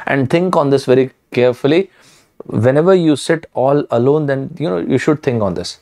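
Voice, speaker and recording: A man's voice: medium pitch, moderate pace, dark tone. A man giving an earnest, motivational exam-prep lecture, repeating points for emphasis. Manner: earnest, repetitive, emphatic asides. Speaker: teacher.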